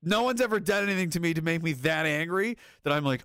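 A man streams loose, rambling commentary in a fairly high voice, restarting sentences, swearing freely and chuckling between thoughts. His voice sits close and dry, with no room sound around it. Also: expressive, quick pace, creaky, few pauses, a bit bright, clear, resonant tone, no room sound. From North America. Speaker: streamer reading chat. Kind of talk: casual commentary.

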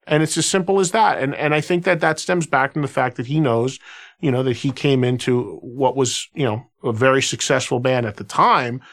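Chatty, slightly high-voiced male radio host. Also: moderate pace. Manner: animated anecdotal telling, filler-heavy with restarts. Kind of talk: casual conversational storytelling.

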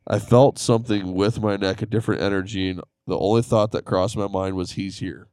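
A low-pitched man with a smooth, mellow voice speaks in an earnest, rambling way. He is leading a heartfelt prayer at the end of a casual faith podcast, recorded in a dry church office. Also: steady tone, fairly quick, dry recording. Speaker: podcast co-host. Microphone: headphones on a call.

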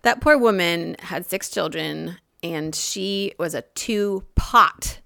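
A woman in her forties talks over coffee on a podcast, relaxed and wry. Her voice is low with a gravelly fry. The recording is close and dry. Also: takes it slowly, dry recording. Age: 40s. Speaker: podcast co-host. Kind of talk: casual chat.

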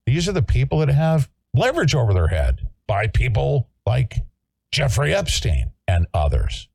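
A man's voice: medium pitch, wildly swooping pitch, normal speed, vocal fry, a little mellow, slightly rough, no echo. A man hosting a political talk show, speaking emphatically and repeating himself to rally his listeners.

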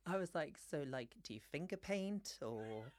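A man's voice: fairly high pitch, normal speed, background noise. A man who is a podcast guest, telling a story in casual chat and laughing as he goes. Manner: animated storyteller, laughs mid-sentence. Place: studio.

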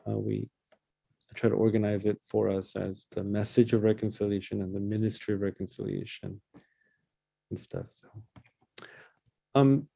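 A man leading a casual Bible study discussion, talking in a halting way with many fillers and restarts. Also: fairly low pitch, steady tone, gravelly, mellow, slightly rough, no echo.

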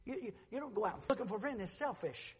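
A middle-aged man preaching a sermon as pastor, moving between quiet storytelling and shouted proclamation. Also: sits high, lively intonation, fast talker, husky, big-room sound.

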